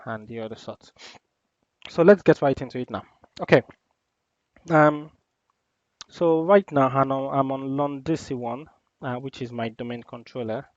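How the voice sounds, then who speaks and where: A man teaching an IT lesson in a screen-recorded demo, explaining each step in a relaxed way with many ums and uhs. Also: medium pitch, dry recording. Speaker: IT instructor. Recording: dull, lo-fi dry voice-over.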